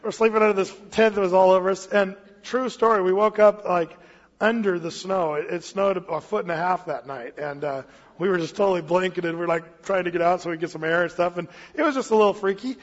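A man preaching a casual expository sermon as pastor, mixing scripture reading with relaxed storytelling. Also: high voice, fairly quick. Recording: muffled hall with long reverb.

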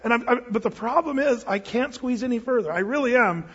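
A man telling a story in a sermon as a pastor, animated and laughing at his own tale. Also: very high-pitched, brisk, slightly rough. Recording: dull audio with long hall reverb.

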